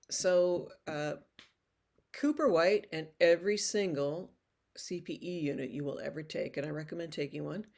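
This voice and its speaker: A woman's voice: low voice, darkish tone. Older woman lecturing conversationally. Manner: conversational, with frequent restarts and "you know"; acts out toddlers' voices when quoting them. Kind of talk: recorded university lecture.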